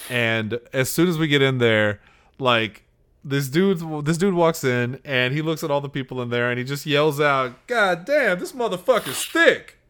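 Male podcast host, mid-pitched, loose rambling storyteller with easy profanity. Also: normal speed, a bit bright, smooth. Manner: rambling storyteller, swears freely. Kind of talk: casual podcast chat.

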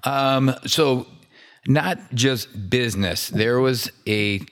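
A man's voice: medium pitch, takes it slowly, fairly bright tone. A man hosting a casual interview, asking easygoing questions and giving short encouraging replies. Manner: easygoing, brief prompts and backchannels. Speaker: interviewer, host.

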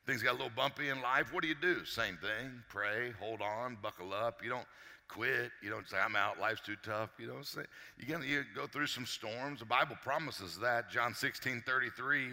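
A man giving an energetic motivational talk to a live audience as a success coach, joking and quizzing the crowd. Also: medium pitch, moderate pace, in a large hall. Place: large hall with a live audience.

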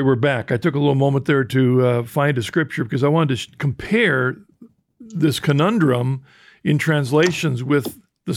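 In a close, dry recording without echo, the host, an older man with a gravelly, slightly high voice, gives a teaching talk. His explanations are thoughtful but full of restarts. When he quotes scripture, his delivery becomes slow.

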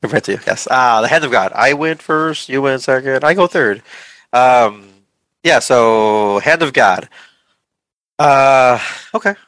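A man's voice: mid-range voice, measured pace, a bit bright, no room sound, rough recording. A man co-hosting a movie podcast, talking in a casual, hesitant way with lots of fillers and restarts. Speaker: podcast co-host. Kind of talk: casual movie review chat.

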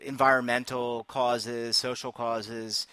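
A man hosts a business talk show in a bright, forceful voice. He chats casually, tosses in quick jokes and introduces his guests. The sound is dry and close. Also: medium pitch, level tone, clear, resonant tone, no echo. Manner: upbeat, joking, quick asides. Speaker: show host. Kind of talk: casual radio show hosting.

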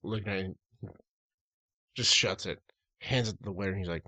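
A man's voice: sits low, fairly quick, bright, forceful tone. A man chatting casually, retelling a comedy scene. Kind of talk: casual chat.

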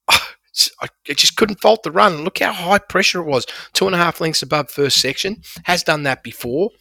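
A man's voice: a little high, moderate pace, gravelly, pushed and bright, no echo. A man, breaking down horse racing form with enthusiastic, emphatic analysis. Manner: enthusiastic, emphatic about figures.

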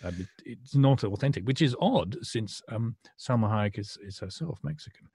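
A man, a critic chatting casually with measured, wry remarks and some hesitation. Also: mid-range voice, animated, gravelly, a little mellow, slightly rough, dry recording, studio quality. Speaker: podcast co-host, critic.

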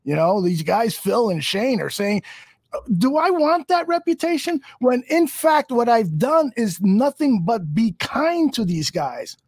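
A man's voice: very high voice, expressive, a little slow, a little mellow, breathy edge, dry recording. A man hosting a podcast, ranting angrily and profanely with many restarts. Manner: angry, profane, rambling with restarts. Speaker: podcast host. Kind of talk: heated podcast rant.

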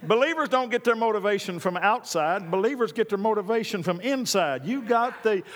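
High-voiced preacher in a reverberant hall. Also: male voice, lively intonation, brisk, a bit bright. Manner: emphatic, repeats key lines, folksy storytelling. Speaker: pastor. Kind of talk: sermon. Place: church. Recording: long reverb of a large hall.

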